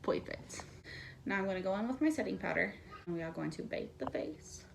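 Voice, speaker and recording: Young woman chatting casually through a makeup tutorial at home, lowish voice, a little background hum. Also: lively intonation, brisk, vocal fry. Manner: chatty, candid and conversational. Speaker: beauty vlogger.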